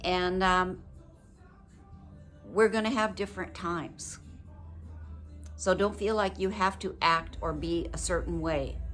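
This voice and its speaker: An older woman talking to her viewers in a personal, heartfelt vlog, reflective, gentle and earnest, with emotion close to the surface. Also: on the low side. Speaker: widow sharing advice with her viewers.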